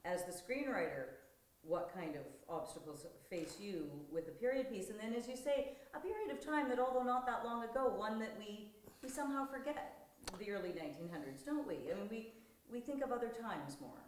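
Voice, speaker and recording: A woman's voice: fairly high pitch, lively intonation, fairly quick, roomy sound, distant mic, poor audio. A woman interviewing a guest, asking long, rambling questions in a chatty way.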